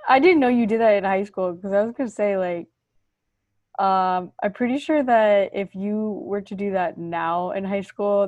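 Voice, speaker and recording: A woman co-hosting, reacting in a relaxed, chatty way with plenty of fillers. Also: medium pitch, no echo, studio quality. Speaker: co-host. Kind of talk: casual chat.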